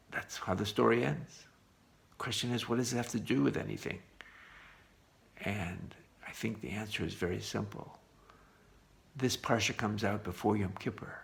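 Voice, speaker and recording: A man with a low, gravelly voice teaching a Torah lesson. He retells an old story with energy, often restarting his phrases.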